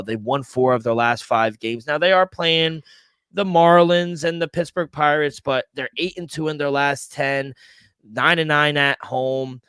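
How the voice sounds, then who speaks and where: A man's voice: mid-range voice, fairly bright tone, smooth, dry recording. A man co-hosting a sports betting podcast, talking casually with frequent swearing and exasperated rants about his team.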